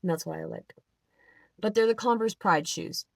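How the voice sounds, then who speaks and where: A woman's voice: on the low side, moderate pace, gravelly, dry recording. Exasperated young woman ranting, dry sound. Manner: animated, filler-heavy, exasperated. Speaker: vlogger. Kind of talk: casual storytelling rant.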